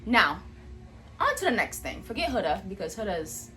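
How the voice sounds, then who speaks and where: A woman vlogger speaks in a bright, mid-pitched voice. Her commentary is a blunt, profane and animated rant. She is recording indoors in a room at home. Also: moderate pace, slight background noise.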